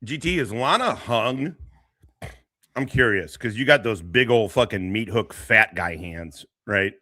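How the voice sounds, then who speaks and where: A man's voice: fairly low pitch, a little slow, bright, forceful tone, no echo, studio quality. A man giving crude, mocking commentary on a clip, swearing and laughing as he talks. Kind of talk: casual profane commentary.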